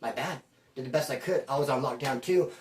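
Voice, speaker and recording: A man's voice: very high-pitched, normal speed, fairly bright tone, far from the mic, slight background noise, pitched above the performer's own voice. A whiny, self-pitying male inmate who shrugs off the blame, as a man mimics him. He makes excuses in an aggrieved voice that carries some echo, with the speaker a little away from the mic. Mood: defensive. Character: defensive male inmate playing the victim.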